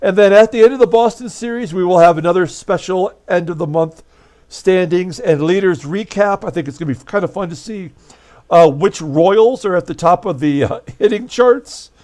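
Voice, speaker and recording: A man's voice: high-pitched, moderate pace, a little mellow. A man hosting a baseball season replay, giving casual commentary and recapping results while thinking aloud with fillers and self-corrections.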